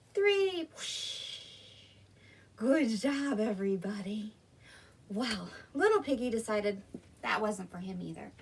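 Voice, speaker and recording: Animated woman leading kids' storytime yoga. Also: a little high, far from the mic, a little hiss or hum. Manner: animated, coaching children through poses.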